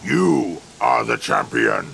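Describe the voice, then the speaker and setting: An actor playing a stern male arena master in a video game, speaking in a commanding, gravelly way. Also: extremely low pitch, huge pitch swings, slow, fairly bright tone, a little hiss or hum, full character voice.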